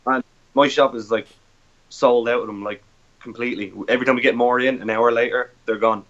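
A man with an Irish accent, a guest in a casual chat, soft-spoken and a little nervous. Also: medium pitch, fairly even intonation, brisk. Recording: muffled lo-fi audio.

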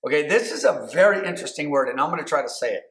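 Fairly high-voiced preacher in echoey room. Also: male voice, expressive, very fast, a bit bright. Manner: conversational preaching with many fillers and restarts. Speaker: pastor. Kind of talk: sermon.

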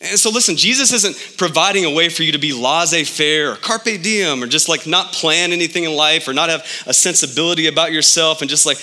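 Animated, bright-voiced male pastor. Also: brisk. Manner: animated, pitch jumping up for emphasis. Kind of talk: sermon.

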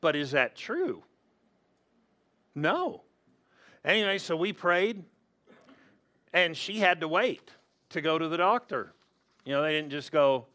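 A man's voice: on the high side, very animated, takes it slowly, long pauses, fairly bright tone. A male pastor preaching a sermon in a humorous, storytelling way, acting out the people in his stories.

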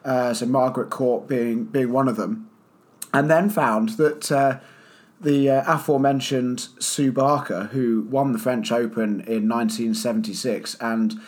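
A man co-hosting a podcast, chatting casually, often chuckling and pausing with fillers. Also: medium pitch, steady tone. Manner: amused, chuckling, hesitant with fillers. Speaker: podcast co-host. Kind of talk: casual chat.

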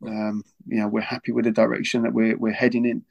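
A man's voice: on the low side, flat delivery, fast talker, vocal fry. A man talking earnestly about his football club, often repeating words as he goes. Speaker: football club figure as guest. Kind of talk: casual podcast talk.

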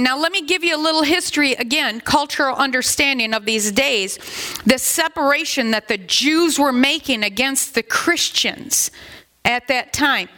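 Woman pastor preaching, kinda high voice, really bright, chatty and animated with little asides. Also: normal speed. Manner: animated, acts out quotes in put-on voices; conversational, with asides and laughs. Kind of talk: sermon.

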